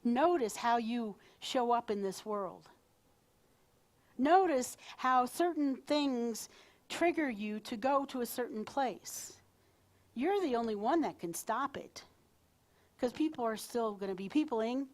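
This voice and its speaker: At a spiritual center service, a woman minister preaches live to her congregation in a slightly high, expressive voice. She takes her time, talking in a playful, conversational way with asides to the crowd.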